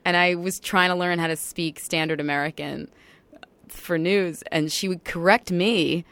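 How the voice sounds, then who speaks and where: A woman's voice: fairly low pitch, fairly even intonation, normal speed, fairly bright tone, no echo. A woman from New York with a faint New York accent, chatting casually as a podcast guest and peppering her talk with "like" and "you know.". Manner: chatty, scattered with 'like' and 'you know'.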